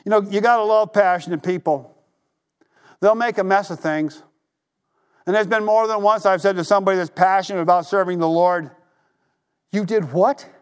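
A male pastor preaches a sermon, telling stories animatedly, acting out the voices he quotes, and dropping to a hush for emphasis. His voice is high-pitched and fairly quick, with a clean tone.

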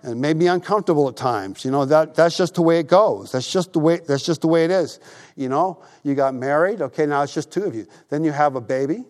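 A male pastor preaching a sermon in a church, telling stories in a lively, conversational way and repeating his phrases. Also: on the high side, a little fast.

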